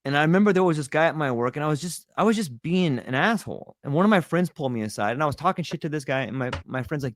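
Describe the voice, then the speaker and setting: A man's voice: on the high side, lively intonation, fast, no echo, studio quality. A middle-aged man telling a personal story in a candid, casual way, swearing freely and laughing often. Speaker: guest.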